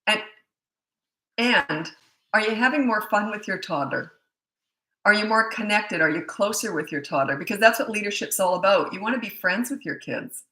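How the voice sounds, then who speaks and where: A woman's voice: medium pitch, expressive, normal speed, sharp tone, roomy sound, low-quality recording. A woman in her sixties, a parenting coach chatting casually through a live question-and-answer session, reading questions aloud and laughing easily. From Canada. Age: 60s.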